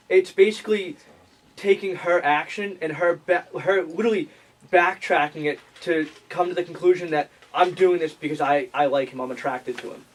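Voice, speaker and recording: A man's voice: on the high side, normal speed, recorded from a distance, slight background noise. A man attending a seminar, explaining a concept to the group. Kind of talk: explaining in class.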